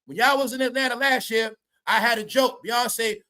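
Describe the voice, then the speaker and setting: A man's voice: extremely high pitch, fairly even intonation, normal speed, pushed and bright. A man giving casual, comedic commentary as a vlogger, rambling, swearing, laughing and stammering as he talks.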